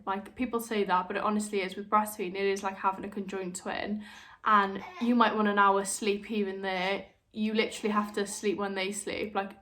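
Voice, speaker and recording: A woman's voice: medium pitch, a bit bright. A young woman talking frankly to camera as a vlogger, chatty and open, slipping into other voices when she quotes people. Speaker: vlogger, new mother. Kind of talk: candid personal chat to camera.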